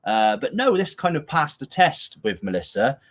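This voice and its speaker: A man hosts a casual live-stream chat from home, heard through a camera that serves as his webcam. His pitch sits in an ordinary middle range. He rambles and often breaks into laughter. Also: very animated, normal speed. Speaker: show host. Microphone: camera used as webcam.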